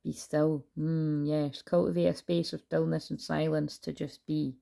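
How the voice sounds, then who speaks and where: A woman talks through a tarot reading in a low, gravelly voice. She is loud and chatty and swears casually. She is recorded on a camera mic rather than a clip-on one. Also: little pitch movement, measured pace. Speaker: tarot reader. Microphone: built-in camera mic, no lapel.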